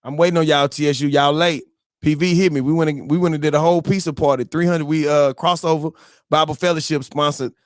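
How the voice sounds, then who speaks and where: A man's voice: fairly high pitch, fairly even intonation, quick pace, no room sound, clean studio sound. A man, hosting a live morning stream in loose, joking casual chat full of slang and fillers.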